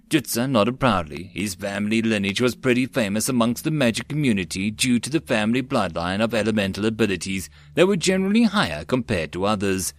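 A man narrating a web novel audiobook in a steady storytelling manner. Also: fairly low pitch, moderate pace, few pauses.

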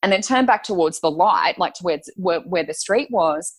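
A woman, a podcast guest telling personal stories in a lively, emotional way. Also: fairly low pitch, moderate pace, breathy edge. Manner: animated, emotional storytelling. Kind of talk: casual storytelling chat.

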